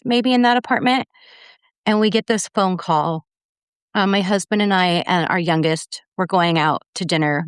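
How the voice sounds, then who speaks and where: A middle-aged woman recounts a personal story on a podcast, slipping in the words people said. Her voice sits low with a smooth, clear tone. The sound is close and dry, with no room around it. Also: no room sound. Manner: earnest, retelling events with quoted dialogue. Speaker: podcast guest, mother.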